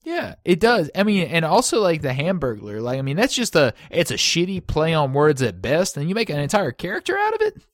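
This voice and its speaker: A man's voice: fairly high pitch, wildly swooping pitch, a little fast, hardly any pauses, no echo, clean studio sound. A man co-hosting a podcast in casual, rambling chat, swearing and joking. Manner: rambling, profane, laughing, jokey. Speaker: podcast co-host.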